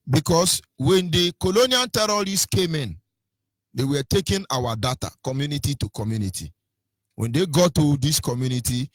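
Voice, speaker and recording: A man's voice: medium pitch, slightly rough, no room sound. A Nigerian man hosting a radio talk, preaching about culture and slipping into pidgin and sing-song mimicry. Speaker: radio host.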